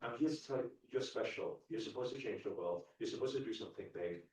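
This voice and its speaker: A man giving an animated, repetitive motivational talk to a live audience, chuckling often. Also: medium pitch, fast talker. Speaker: spiritual coach. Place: large event ballroom. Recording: echoey dull hall sound from far off.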